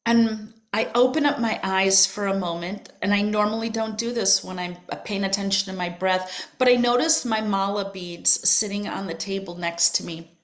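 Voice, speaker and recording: An older woman hosting a podcast, telling a personal spiritual story in a soft, emotional way that drifts into whispers. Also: mid-range voice, normal speed, hardly any pauses. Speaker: podcast host.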